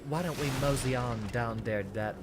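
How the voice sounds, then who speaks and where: A man's voice: medium pitch, normal speed, close to an everyday voice. A man voicing a stereotypical Texan cowboy in a put-on Texan drawl, folksy and a little hesitant. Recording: game music behind.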